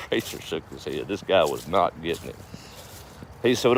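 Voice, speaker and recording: Low-voiced farm guy, folksy, chuckles a lot, faint hum behind. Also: normal speed, gravelly. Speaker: farm vlogger. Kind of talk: casual storytelling livestream.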